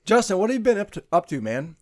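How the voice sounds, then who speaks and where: A young man with a high voice runs a loose, joking podcast conversation and swears freely. The recording is dry and close, with no room sound. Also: very animated, quick pace, no echo. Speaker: podcast host. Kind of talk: casual chat.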